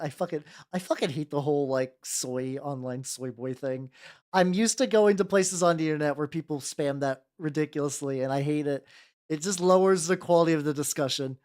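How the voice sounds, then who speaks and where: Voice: mid-range voice, fairly quick, a little mellow. A streamer chatting casually with a live chat while painting miniatures, rambling, swearing freely and trailing off mid-thought. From United States.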